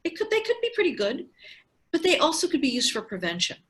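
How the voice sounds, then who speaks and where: A woman's voice: high-pitched, very animated, fast, fairly bright tone. A woman in her sixties, a physician, explaining things step by step in conversation with frequent restarts over a video call. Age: 60s. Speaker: physician and researcher.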